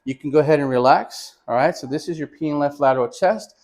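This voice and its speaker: A chatty, casual male radiography teacher talks fast in a voice on the high side. He addresses students as "you guys," gives patients loud instructions, and blends hands-on teaching with stories.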